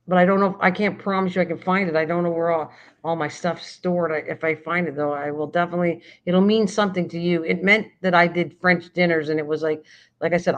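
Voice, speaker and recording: An older woman hosting a casual late-night chat, rambling and often restarting sentences while she searches for words. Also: on the low side. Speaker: livestream host. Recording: dull lo-fi stream audio.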